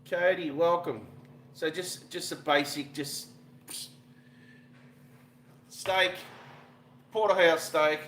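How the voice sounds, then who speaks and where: A man's voice: on the high side, steady tone, takes it slowly, long pauses, a bit bright, roomy sound, a little hiss or hum. A middle-aged Australian man chatting casually on a livestream while cooking, rambling and greeting viewers with slang. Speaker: fishing vlogger cooking on a livestream.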